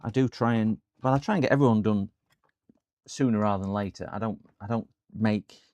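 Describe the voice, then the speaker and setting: A man's voice: fairly low pitch, brisk, a little mellow, no echo, muffled recording. A man chatting through a live computer repair stream from his workshop. He rambles and talks to his viewers as he works. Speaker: repair channel host.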